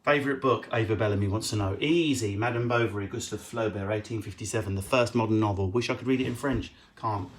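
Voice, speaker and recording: A male stand-up comedian answering viewer questions on a casual live stream, quick and profane with jokey riffs. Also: on the low side.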